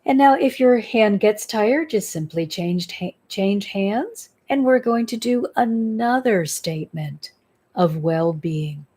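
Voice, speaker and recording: Woman spiritual guide, unhurried and warm-toned, soothing tapping meditation. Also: medium pitch, expressive, husky. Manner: slow, soothing, instructive, repeats affirmations. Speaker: spiritual healer leading a guided exercise.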